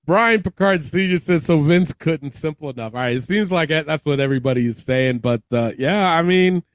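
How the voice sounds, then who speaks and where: A man's voice: fairly high pitch, expressive, a little fast, clean tone, dry recording. A man hosting a wrestling podcast, reading out listener comments and laughing often between them. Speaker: podcast host. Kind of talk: casual chat.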